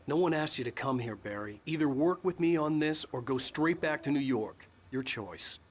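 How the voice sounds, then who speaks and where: A man's voice: mid-range voice, animated, normal speed, close to an everyday voice. An actor playing a grim, determined male writer in a video game, speaking tersely and bluntly. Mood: stern. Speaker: game character. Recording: distant game audio over music.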